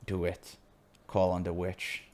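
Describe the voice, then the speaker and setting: A man's voice: sits low, monotone, slow, a little mellow. A man voicing a cold, threatening male swordsman in a visual novel, speaking in curt orders. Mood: menacing.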